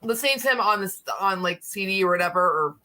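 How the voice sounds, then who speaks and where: A woman's voice: medium pitch, lively intonation, fast, bright, forceful tone. An American woman chatting casually on a livestream, giggling and searching for her words. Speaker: guest on a livestream. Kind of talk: casual chat.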